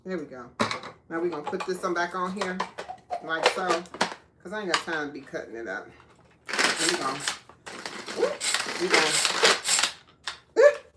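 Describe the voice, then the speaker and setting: A woman's voice: fairly low pitch, fairly quick, long pauses, very noisy. A woman hosting a live cooking stream, chatting casually with viewers and laughing often. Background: clinking dishes and cutlery.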